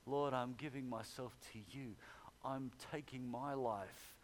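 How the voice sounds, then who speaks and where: A man's voice: medium pitch, steady tone, a little slow, a little hiss or hum. A man preaching a sermon in an earnest manner, repeating key phrases and rising to fervent exhortation.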